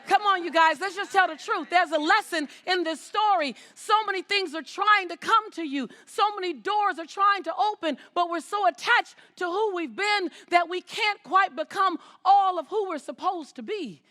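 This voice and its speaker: A woman's voice: extremely high pitch, moderate pace, hardly any pauses, sharp tone. A woman giving an inspirational stage talk as a motivational speaker, emphatic, repeating words and calling out to her audience.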